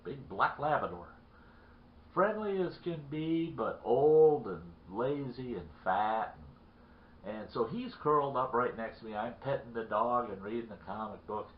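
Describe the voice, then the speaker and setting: A man spins a folksy tale in a rambling way, circling back and repeating himself as he goes. His voice sits at an ordinary middle pitch. The sound is roomy and somewhat dull, like a lo-fi recording. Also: lively intonation, a little slow, a little hiss or hum. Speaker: storyteller. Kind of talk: folksy spoken storytelling.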